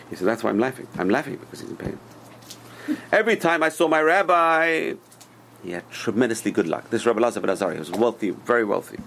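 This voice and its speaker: Gravelly-voiced rabbi telling stories. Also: male voice, mid-range voice, slight background noise. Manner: animated storyteller, swings between loud and hushed. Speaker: rabbi teaching a Torah class. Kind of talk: storytelling sermon.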